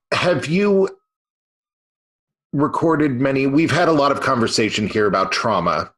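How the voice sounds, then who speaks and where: A man's voice: medium pitch, lively intonation, slow, long pauses, fairly bright tone. A male podcast host from California, asking questions in an easygoing way with hesitant ums. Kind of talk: casual interview chat.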